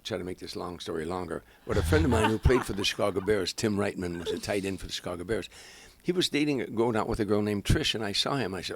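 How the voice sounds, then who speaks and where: An older man, a stand-up comedian, telling animated anecdotes as a guest in an interview. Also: lowish voice, fast, few pauses, a little hiss or hum. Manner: animated storyteller, acts out quoted voices.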